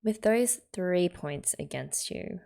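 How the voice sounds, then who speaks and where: An Australian woman reading the lines of a stern older male teacher of gem people in a flat, measured lecturing tone. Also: lowish voice, vocal fry, heavily acted.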